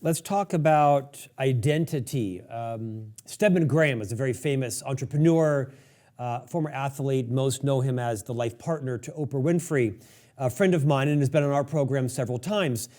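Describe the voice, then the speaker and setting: A man hosting a podcast interview, setting up his questions in a measured way with a quote. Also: medium pitch, warm tone. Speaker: podcast host.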